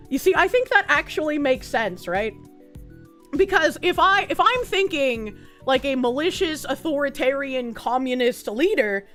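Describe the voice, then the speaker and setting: Woman streamer, from New England, brash, profane, laughing, high voice, lively pitch, faint background music. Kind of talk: casual live-stream chat, reading chat messages.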